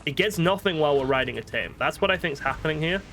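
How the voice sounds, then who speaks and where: A man's voice: on the high side, animated, quick pace, a bit bright, soft background music. A man with a northern British accent chatting casually while playing a video game, thinking aloud and poking fun at himself. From northern Britain. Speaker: gaming streamer. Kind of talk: casual gameplay commentary.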